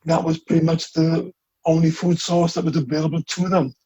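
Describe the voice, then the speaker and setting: A man co-hosting a podcast, quick and mocking, with swearing in casual banter. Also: on the high side, level tone, mellow, breathy edge, lo-fi sound. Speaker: podcast co-host asking quiz questions.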